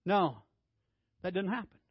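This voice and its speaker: A man preaching a sermon in a high voice, swinging from loud emphatic bursts to hushed lines as he acts out scripture. The sound is dry and somewhat dull, like a low-fidelity church recording. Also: expressive, a little slow, slightly rough, no room sound. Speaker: pastor.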